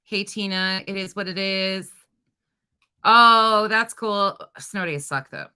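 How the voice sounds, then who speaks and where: Bright-voiced woman hosting a chatty livestream. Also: medium pitch, slow pace, smooth. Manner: chatty, greets viewers and reads their comments aloud; energetic and expressive. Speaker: true crime livestream host. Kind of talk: casual livestream chat.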